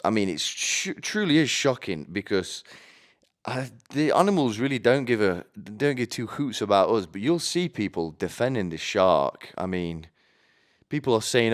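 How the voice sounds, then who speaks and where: A man delivering a rambling comedic monologue in a deadpan way, often stumbling and restarting his sentences. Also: on the low side, unhurried. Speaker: comedy vlogger.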